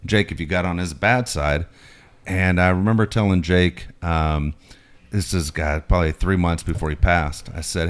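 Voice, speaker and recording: A man's voice: low-pitched, normal speed, clear, resonant tone. A middle-aged man co-hosting a casual sports talk show, telling stories animatedly and swearing freely. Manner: animated storyteller, swearing freely, many restarts. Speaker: podcast co-host. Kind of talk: casual sports chat and storytelling.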